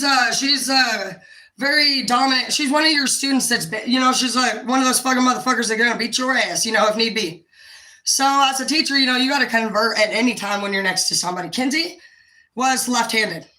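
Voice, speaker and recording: A woman hosting a livestream, ranting to her viewers, swearing constantly and rambling, sometimes dropping to a low quiet tone. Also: brisk, roomy sound, rough recording. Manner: profane, heated, swearing constantly. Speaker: livestream host talking to viewers. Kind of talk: unscripted livestream rant.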